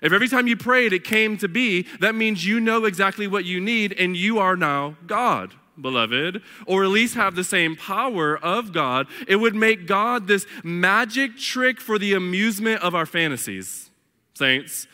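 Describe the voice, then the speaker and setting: Male pastor, high bright voice, emphatic sermon with casual slang asides, long church reverb. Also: animated, unhurried. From northern United States. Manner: emphatic preaching, addresses the congregation as beloved and family. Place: church sanctuary.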